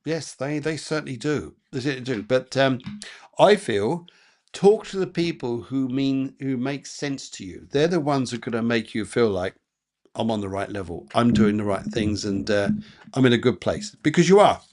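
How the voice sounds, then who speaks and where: A man's voice: medium pitch, lively intonation, moderate pace, darkish tone. A man working as a psychic medium, giving rambling, chatty live card readings with lots of fillers and repeated phrases.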